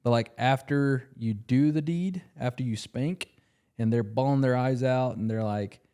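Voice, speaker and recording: A man's voice: mid-range voice, unhurried, warm tone, clean tone. A young man co-hosting a podcast, telling a personal story in casual chat, earnest and full of fillers. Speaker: podcast co-host.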